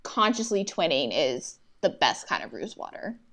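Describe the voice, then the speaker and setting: A young woman co-hosting a podcast, adding quick reactions and comments in casual chat. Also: on the low side, big pitch swings, a bit bright. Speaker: podcast co-host.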